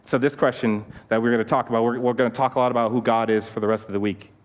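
Male pastor, mid-pitch, chatty sermon delivery with restarts, long hall reverb. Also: racing. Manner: animated storytelling, many restarts, repeats "okay?"; turns soft and low in prayer. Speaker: youth pastor. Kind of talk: sermon with personal story.

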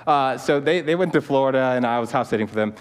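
A man preaching a sermon, telling a personal story with animated restarts and asides, then praying in a quieter tone. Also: fast, clean tone. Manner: animated storytelling, many restarts, repeats "okay?"; turns soft and low in prayer. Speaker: youth pastor. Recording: long hall reverb.

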